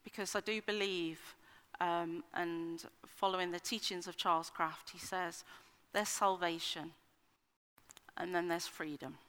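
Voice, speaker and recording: A woman's voice: on the low side, fairly even intonation, unhurried, fairly bright tone, clean tone. Middle-aged woman preaching in a reverberant hall. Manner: conversational and earnest, with frequent ums and restarts. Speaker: speaker at a church meeting. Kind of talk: personal testimony sermon.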